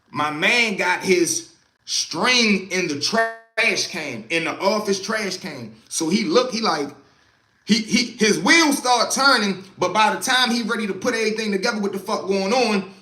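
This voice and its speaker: Bright high-voiced man telling a story. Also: reverberant. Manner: animated, profane, punctuates with "boom". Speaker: live-stream storyteller host. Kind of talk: casual storytelling.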